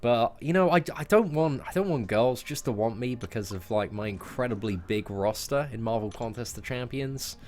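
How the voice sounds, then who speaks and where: A man's voice: medium pitch, lively intonation, moderate pace, hardly any pauses, darkish tone. A young British man in his twenties, livestreaming a game and bantering casually with his chat in a laid-back, jokey way. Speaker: gaming livestreamer. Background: music playing.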